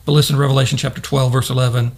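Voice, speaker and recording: Gravelly-voiced man preaching a sermon. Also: mid-range voice, level tone. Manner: earnest preaching with slow dramatic pauses and rising emphasis. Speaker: pastor.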